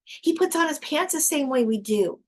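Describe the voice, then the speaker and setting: A woman's voice: high voice, lively intonation, normal speed. Earnest woman hosting a casual discussion. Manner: earnest, emphatic, frequent restarts. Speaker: discussion host.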